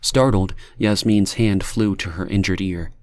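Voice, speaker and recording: Low-voiced man narrating an audiobook. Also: unhurried, darkish tone, no room sound.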